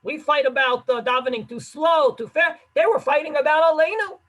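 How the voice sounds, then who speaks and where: A man teaching a lively class as a rabbi, quizzing and teasing his listeners as he explains. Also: very high voice, fairly quick, rough recording. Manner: animated, quizzes and teases the listeners.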